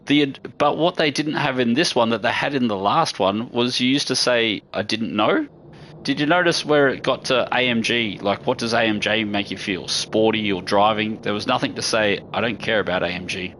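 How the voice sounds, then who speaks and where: A man's voice: medium pitch, normal speed, few pauses, fairly bright tone, a little hiss or hum. An Australian man chatting casually while streaming a racing game, laid-back and talkative. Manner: chatty and laid-back, often says "mate". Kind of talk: casual live-stream gameplay commentary.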